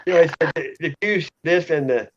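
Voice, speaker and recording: A man's voice: on the high side, a little hiss or hum. A man hosting a casual live chat, joking crudely and laughing often. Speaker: channel host. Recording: muffled lo-fi audio.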